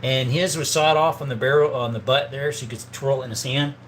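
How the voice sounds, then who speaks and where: A man hosting a casual livestream from his home, reading viewer questions aloud and answering them one by one in a relaxed way. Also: medium pitch, fairly quick, a little hiss or hum. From southern Arizona. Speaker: gun channel host reading live chat. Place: indoor room full of guns.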